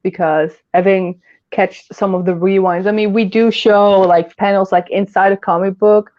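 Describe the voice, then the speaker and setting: A woman's voice: medium pitch, fairly even intonation, moderate pace, highs cut off. A woman hosting a casual livestream chat, rambling and giggling often as she talks. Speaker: host.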